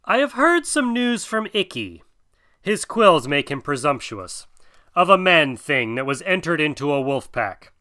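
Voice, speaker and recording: A man's voice: fairly high pitch, sing-song, unhurried, pushed and bright, no echo, studio quality, full character voice. A man voicing a proud, courteous old male python in a storybook reading, with hissing, grand, old-fashioned speech.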